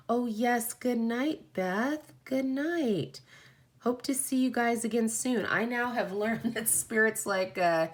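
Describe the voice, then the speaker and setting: A woman hosting a live oracle card reading, effusive and encouraging, often exclaiming. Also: medium pitch.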